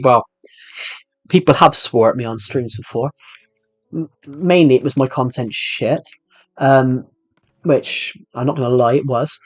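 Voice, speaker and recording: A man's voice: mid-range voice, no room sound. A young man live-streaming a game, rambling and joking as he answers chat messages. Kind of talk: casual live-stream chat while gaming.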